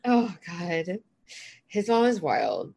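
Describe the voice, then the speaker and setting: A woman with a somewhat low voice chats loosely and rambles through her stories. She talks in a casual, unscripted way. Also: sing-song, slow pace, gravelly, mellow, slightly rough. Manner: chatty, rambling, many fillers and restarts. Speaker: podcast co-host. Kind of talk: casual gossip chat.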